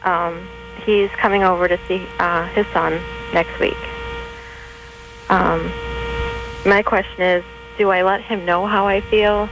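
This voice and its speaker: A woman in her twenties calling a radio show, explaining her situation in a hesitant, halting way. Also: fairly low pitch, level tone, background noise. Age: 20s. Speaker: caller. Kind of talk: phone-in call.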